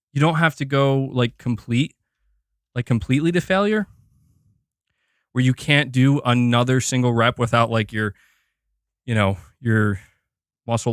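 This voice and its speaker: A young man hosting a casual live stream, excitedly thanking members and chatting while doing curls. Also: medium pitch, measured pace, pauses often, smooth, dry recording, clean studio sound. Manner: excitable, reads out member gifts, chats while exercising. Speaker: livestream host.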